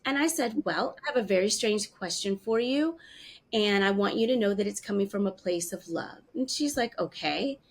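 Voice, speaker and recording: A woman in her fifties tells a personal story as an interview guest, at a middle pitch. She talks in an animated way, jumping up in pitch to act out the voices of people she quotes. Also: moderate pace.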